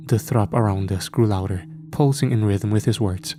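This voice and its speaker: A man narrating a scripted horror story at a slow, measured pace. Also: fairly low pitch. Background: faint music.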